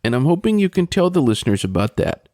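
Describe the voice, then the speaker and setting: Man, interview host, lively pitch, dry close sound. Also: fast, dry recording. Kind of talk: interview questions.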